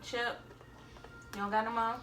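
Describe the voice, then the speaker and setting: A woman's voice: fairly high pitch, flat delivery, normal speed, over loud music. A young woman chatting to viewers in a casual home cooking vlog, sighing now and then and fighting back tears, recorded on a camera on a tripod in her kitchen. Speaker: vlogger.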